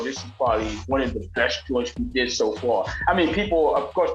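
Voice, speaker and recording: An older man, a rapper being interviewed, telling animated stories and mimicking voices in casual talk. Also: on the high side, highs cut off. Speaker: rapper guest. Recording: roomy sound with faint music.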